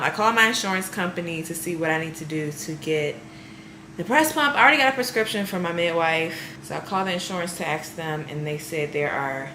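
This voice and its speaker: A woman's voice: sits low, sharp tone. A woman vlogging in a casual, chatty way, telling her story with amused exasperation. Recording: roomy, faintly noisy room.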